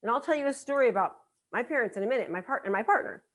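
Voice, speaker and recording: A woman's voice: on the high side, animated, rapid-fire. A middle-aged woman giving a motivational seminar talk as a business coach, emphatic and repeating her key lines for effect. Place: live event.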